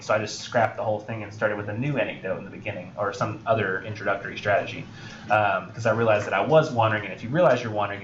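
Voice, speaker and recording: A young male college instructor lectures in a roomy classroom, heard through a dull, lo-fi recording with faint room noise. He rambles a little, leans on fillers and slips into quick impressions of film characters. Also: on the low side, fairly bright tone. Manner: rambling, filler-heavy, acts out film scenes.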